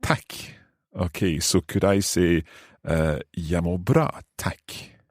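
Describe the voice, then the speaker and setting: A man hosting a language lesson podcast as the learner, asking curious questions and slowly repeating new phrases. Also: low-pitched, steady tone, no room sound, clean studio sound. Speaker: host and learner.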